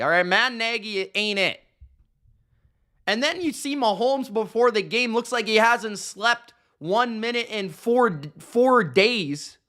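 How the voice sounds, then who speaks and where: A man's voice: sits high, bright, forceful tone. A man hosting a podcast, ranting about football in an exasperated, sarcastic, slangy way. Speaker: podcast host. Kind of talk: ranting sports commentary.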